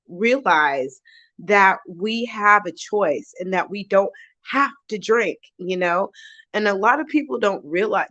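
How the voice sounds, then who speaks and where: A woman's voice: medium pitch, sharp tone, no echo, muffled recording. A woman hosting her recovery channel in a casual livestream chat, earnest and heartfelt, often restarting her sentences.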